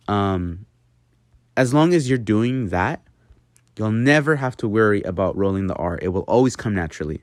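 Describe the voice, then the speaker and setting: Young guy rambling thru a lesson at home, kinda low voice, dead dry sound. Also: expressive, moderate pace, dry recording. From United States. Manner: rambling, self-mocking, many fillers. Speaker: host teaching an accent. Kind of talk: casual video lesson.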